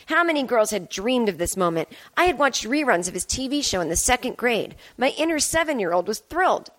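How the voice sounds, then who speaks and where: A woman's voice: fairly high pitch, very animated, fairly quick, fairly bright tone. A woman in her fifties hosting a podcast, telling a candid, wry personal story in a monologue from home. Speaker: podcast host.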